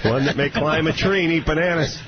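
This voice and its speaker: A man hosting a radio talk show, throwing in quick wisecracking remarks between his guest's story. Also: on the high side, a loud crowd. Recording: muffled radio line with loud hiss.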